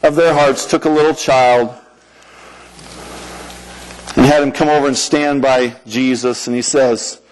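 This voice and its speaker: A man preaching a sermon in a church, animated and lively, acting out prayers and dialogue as he goes. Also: mid-range voice, unhurried, long pauses, poor audio. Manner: animated, acts out prayers and dialogue in quoted voices.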